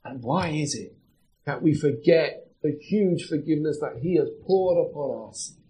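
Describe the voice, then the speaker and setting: A man's voice: fairly high pitch, lively intonation, measured pace, mellow, rough recording. A man preaching a sermon as pastor, chatty and putting questions to the congregation. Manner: conversational, asks the congregation questions.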